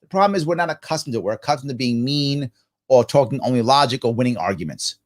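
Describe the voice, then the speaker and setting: A middle-aged man hosting a live ask-me-anything stream, answering viewer comments in an animated, preachy way and acting out little imagined dialogues. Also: mid-range voice, quick pace. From New York. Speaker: livestream Q&A host.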